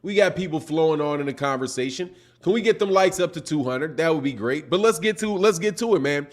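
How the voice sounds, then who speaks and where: Middle-aged man, high voice, animated slangy boxing streamer who needles viewers. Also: a little fast. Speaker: boxing channel host. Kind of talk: livestream commentary with chat shout-outs.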